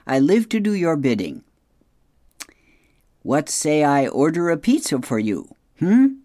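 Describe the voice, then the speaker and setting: A woman's voice: deep voice, very animated, measured pace, warm tone, no echo, voice pushed up, exaggerated voice. Woman reading a servile gadget assistant, all eager pleasing, dry close mic. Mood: fawning. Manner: fawning, overly eager to serve. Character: smooth servile smart speaker assistant.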